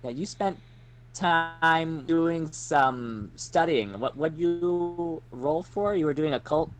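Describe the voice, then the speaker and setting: A man running a tabletop role-playing session as game master. His voice sits a little higher than most men's, and he talks in a loose, chatty way, laughing easily between prompts. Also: slow.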